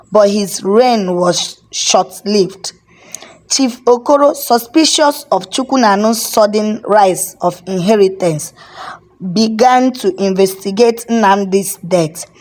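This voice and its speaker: Woman, storyteller, slow pace, measured dramatic narration. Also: mid-range voice. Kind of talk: folk tale narration.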